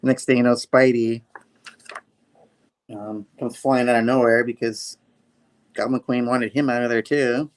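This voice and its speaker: Brief: male comic-review host, playful storyteller, mid-pitched, casual. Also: a little slow, long pauses. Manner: animated, playful retelling with sound effects.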